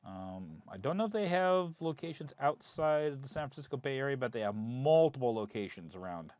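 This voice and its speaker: Streaming artist, male, rambling and casual, very lively intonation. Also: medium pitch, moderate pace, smooth, no room sound. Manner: chatty, rambling with many fillers. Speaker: artist hosting a drawing stream. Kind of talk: casual chat while drawing.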